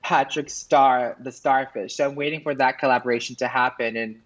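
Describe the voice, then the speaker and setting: Man, podcast guest, animated storyteller, mid pitch, casual and a bit profane. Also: a little fast, lo-fi sound. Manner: animated storyteller, acts out quotes in high voices; swears casually.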